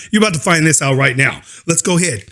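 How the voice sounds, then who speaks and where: A man hosting a reaction video, giving sarcastic commentary with mock-outraged shouting and laughter. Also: on the high side.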